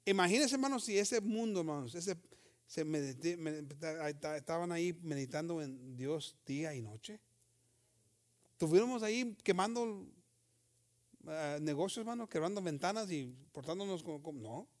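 Fervent high-voiced preacher man. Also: expressive, a little fast. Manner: fervent, emphatic, punctuated with amens. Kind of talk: sermon.

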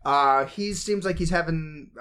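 A man co-hosting a casual podcast, his voice sitting a touch high for a man. He talks loosely and jokes around, swearing freely as he goes. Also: a little slow, pushed and bright, clear, resonant tone. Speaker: podcast co-host. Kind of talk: casual chat.

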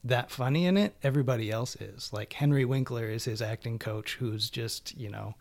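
A man chatting casually about TV shows he has been watching, loose and rambling with lots of fillers. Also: mid-range voice.

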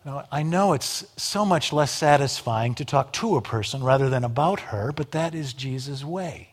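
A man's voice: mid-range voice, expressive, moderate pace. A man preaching a sermon, emphatic, with dramatic rises and drops in volume and wry asides. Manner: wry humor.

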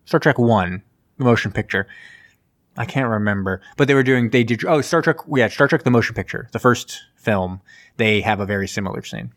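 A man's voice: lowish voice, a little fast, no room sound, clean studio sound. A man co-hosting a casual movie-review podcast, recapping scenes with jokes and acted-out quotes. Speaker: podcast co-host.

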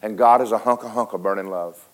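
A man preaching a sermon, telling a story dramatically, switching between loud and hushed and talking straight to the congregation. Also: fairly low pitch, fast talker. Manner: folksy, speaks to the congregation directly.

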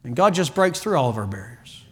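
A middle-aged man preaching a sermon to his church, telling animated stories and often repeating words as he starts a line. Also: mid-range voice, fairly quick, husky. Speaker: pastor.

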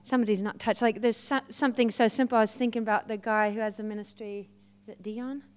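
Woman preacher, lively storyteller, higher voice. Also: fast talker, smooth. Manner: lively storytelling, laughs often, acts out quoted voices. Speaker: guest preacher. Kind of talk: sermon with personal stories.

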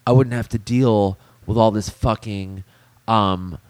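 A man's voice: on the low side, fairly even intonation, a little slow, darkish tone, no room sound. Profane storytelling podcast guy. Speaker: podcast co-host.

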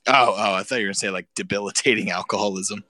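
A man's voice: lowish voice, steady tone, very fast, pushed and bright, no room sound. A man co-hosting a podcast, telling crude, swear-laden stories in casual chat and laughing often. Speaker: podcast co-host.

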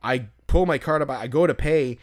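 A man's voice: mid-range voice, moderate pace. A young adult man, co-host of a podcast, telling a long, rambling story in a casual chat, with lots of restarts and some swearing.

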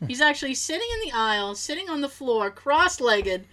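In a loose podcast chat, a woman spins an everyday anecdote in a bright, forward voice that sits a little high. She keeps it animated, laughing easily and slipping into quick impressions of the people in her story. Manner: animated, laughs often, acts out quotes.

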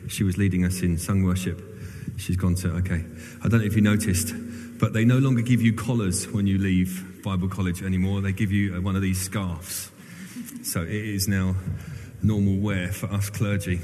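A man's voice: lowish voice, mellow. A clergyman preaching an informal sermon to his congregation, chatty and self-deprecating. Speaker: church clergyman. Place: large reverberant church hall. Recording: long hall reverb.

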